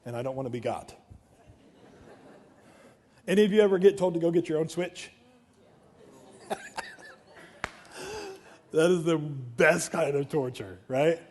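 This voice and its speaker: A male pastor delivering a loose, conversational sermon in a church, pitched a little above the usual man's voice. He is chatty and self-deprecating and keeps turning to the congregation with joking asides and quick questions. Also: a little mellow.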